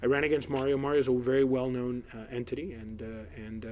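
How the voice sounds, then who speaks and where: A man's voice: mid-range voice, flat delivery, fast, a little mellow, slight background noise. A middle-aged man from South Florida, a political candidate answering questions in an editorial board interview, rambling with many fillers and restarts.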